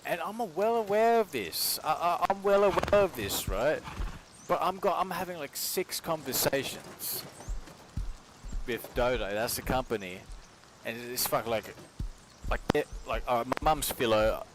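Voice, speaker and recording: An Australian man with a fairly high pitch talks unhurriedly on a casual stream from his kitchen as he cooks. He rambles, swears and uses plenty of slang, and the audio is noisy.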